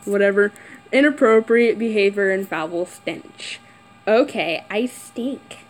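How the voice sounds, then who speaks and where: A woman's voice: mid-range voice, unhurried, low-quality recording. A woman playing a horror game and talking to herself, jumpy and nervous, squealing and giggling. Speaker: gamer. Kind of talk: horror game let's play commentary. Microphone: camera mic.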